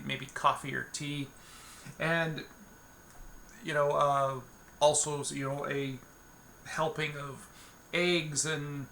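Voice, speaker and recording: A man's voice: on the high side, gravelly, pushed and bright, a little hiss or hum. A man narrating a solo tabletop game, meandering with many fillers and restarts as he thinks aloud.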